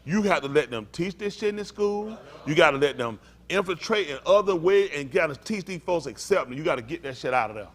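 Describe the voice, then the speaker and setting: A man's voice: fairly high pitch, lively intonation, brisk, hardly any pauses. A man preaching as a pastor in a blunt, profane, rambling informal sermon.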